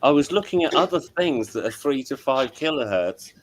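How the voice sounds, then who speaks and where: In a noisy setting, a middle-aged man who is both show host and audio engineer leads a relaxed conversation. His mid-range voice is animated and moderately paced, and he tends to ramble, apologize and start sentences over.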